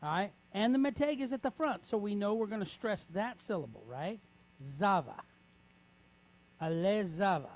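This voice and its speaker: A man's voice: sits high, expressive, darkish tone. A man teaching a reading lesson, breaking words into sounds and checking in with the class after each step. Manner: patient, checks in with frequent "right?"; spells out sounds slowly, syllable by syllable.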